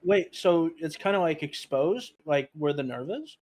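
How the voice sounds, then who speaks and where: A man's voice: fairly high pitch, expressive, a little slow, a little mellow. A young man in casual stream chat, easygoing and teasing.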